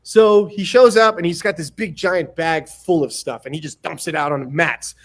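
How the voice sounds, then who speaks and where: A man's voice: on the high side, normal speed. A man telling martial arts stories on a podcast, acting out other people's lines and laughing often. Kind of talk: casual storytelling.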